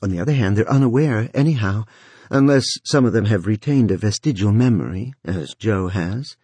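A man's voice: lowish voice, normal speed, warm tone, husky, dry recording. A man voicing a composed, self-assured young woman who speaks levelly.

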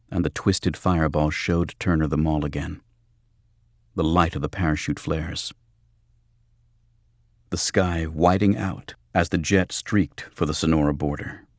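Low husky guy reading a novel, slow and steady, dry close sound. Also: no room sound. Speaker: audiobook narrator. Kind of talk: scripted narration.

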